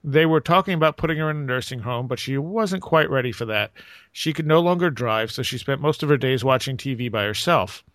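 A man who is a podcast host, chatting casually and reading a listener's account aloud in an even, steady way. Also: medium pitch, a little fast, dry recording.

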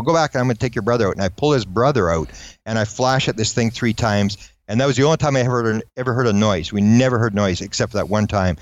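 A man recounting a strange encounter in a lively storytelling style, acting out the voices of the people he quotes. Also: lowish voice, muffled recording. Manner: fast, animated storyteller who acts out quoted voices. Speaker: guest recounting UFO encounters. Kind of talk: anecdotal storytelling.

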